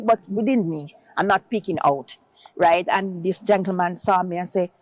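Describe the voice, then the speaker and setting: A woman's voice: sing-song, fairly quick, darkish tone, no echo. Woman telling her story. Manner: acts out quoted voices, rising high for others' words. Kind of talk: emotional personal storytelling.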